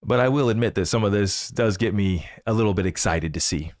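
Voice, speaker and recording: A man hosting a crypto channel, chatting casually and excitedly with rambling asides and laughs. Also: lowish voice, fairly quick, no room sound, clean studio sound. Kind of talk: casual livestream commentary.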